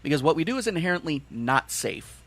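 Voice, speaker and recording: A man's voice: fairly high pitch, sing-song, brisk, fairly bright tone. A man with a Midwestern accent hosting a casual podcast chat, talking bluntly and explaining at length with plenty of swearing. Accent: Midwestern American.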